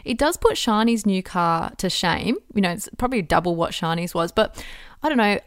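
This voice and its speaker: A woman co-hosting a podcast, chatting casually and gossipily with lively asides. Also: medium pitch, moderate pace, dry recording, studio quality. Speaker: podcast co-host. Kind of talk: casual chat.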